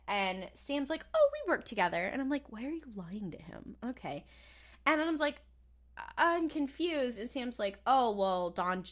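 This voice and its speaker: A woman co-hosting a podcast, recapping a TV episode in casual chat, laughing often and acting out the characters' lines in flat mock voices. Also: on the high side. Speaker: podcast co-host.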